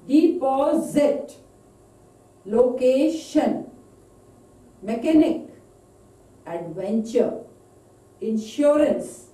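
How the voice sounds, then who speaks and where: A woman gives a slow, deliberate pronunciation lesson, drawing out each word in a list. Her voice is very dark and mellow, a little higher than most. She is recorded from some distance in an echoey room. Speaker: English pronunciation teacher. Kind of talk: recorded online lecture. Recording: echoey room, voice from far off mic.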